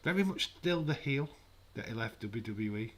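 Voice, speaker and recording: A man's voice: medium pitch, animated, normal speed, a bit bright. A man hosting a live wrestling watch-along, chatting casually with sarcastic, rambling asides.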